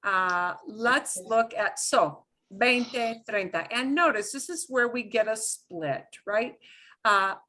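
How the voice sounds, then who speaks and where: A woman's voice: fairly high pitch, takes it slowly, pushed and bright. A woman teaching a beginner Spanish class, explaining patiently and often checking in with "okay?".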